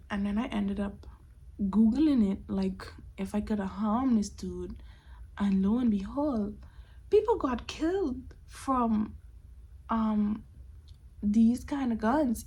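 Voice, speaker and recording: Gravelly-voiced young woman telling a story. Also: mid-range voice, a little hiss or hum. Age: 20s. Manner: expressive, often dropping to a whisper. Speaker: storytime vlogger. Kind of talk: casual storytelling.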